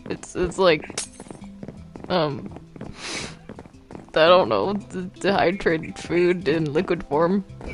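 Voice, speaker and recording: Woman, casual roleplay chat, playful, halting, slow delivery, game music behind. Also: fairly low pitch, poor audio. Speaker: roleplay player.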